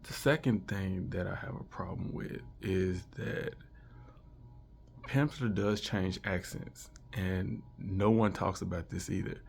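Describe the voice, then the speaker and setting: Man, 30s, vlogger. Low gravelly voice, rambling unscripted review with a light hiss behind. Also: slow pace. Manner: rambling, many restarts and fillers. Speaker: vlogger reviewing a language course.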